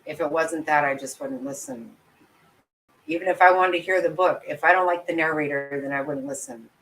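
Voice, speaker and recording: A commentary channel host with a low, steady, fairly bright voice talks a little fast on a casual livestream, chatting with viewers. She giggles often and pokes fun at herself, and the audio quality is poor.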